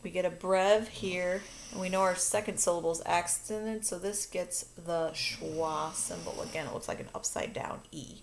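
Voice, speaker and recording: Gravelly-voiced woman teaching phonics. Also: lowish voice, fairly even intonation, moderate pace, few pauses, slight background noise. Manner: patient, step-by-step explaining. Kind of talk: online phonics lesson. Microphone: recording her own video lesson.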